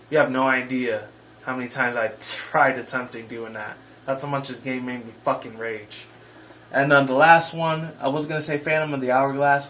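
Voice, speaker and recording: On poorly recorded audio, a gaming video host in his twenties speaks in a sharp-toned, mid-range voice. His casual game review is rambling and heated, full of swearing, and he closes with casual sign-off slang.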